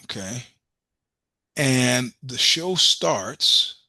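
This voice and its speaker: A man's voice: medium pitch, animated, very slow, pushed and bright, no room sound. Blunt, profane middle-aged man telling stories. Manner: blunt, profane storyteller acting out dialogue. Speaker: podcast guest, musician. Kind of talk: casual storytelling interview.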